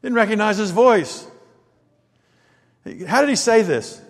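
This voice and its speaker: A man preaching a sermon in an animated way, firing rhetorical questions and acting out quoted lines. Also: high voice, a little slow, big-room sound.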